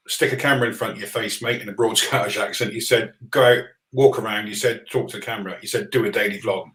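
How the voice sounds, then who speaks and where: A man who is a livestream guest, telling a story in a measured, hesitant way. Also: mid-range voice, fairly bright tone, echoey room, rough recording. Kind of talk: casual livestream chat.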